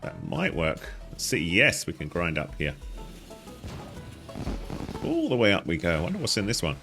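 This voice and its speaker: A man's voice: deep voice, huge pitch swings, normal speed, creaky, bright, forceful tone, faint music behind. A man giving casual commentary on a game he is playing, chatty and easily delighted, with frequent exclamations. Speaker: gaming guide host.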